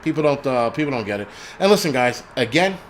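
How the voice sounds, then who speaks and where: A man ranting on his own livestream at a middle pitch, swearing freely and restarting sentences as he goes. His delivery is loose and rambling, with a faint hiss of noise under the voice. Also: sing-song, quick pace. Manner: profane, rambling, frequent restarts. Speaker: livestream host. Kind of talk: casual livestream rant.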